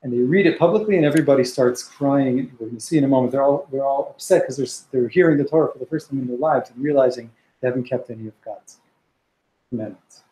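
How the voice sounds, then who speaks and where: A man's voice: medium pitch, fast, warm tone, reverberant, rough recording. A man teaching a text study class, reading Hebrew passages aloud and explaining them with frequent restarts. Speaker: Torah teacher.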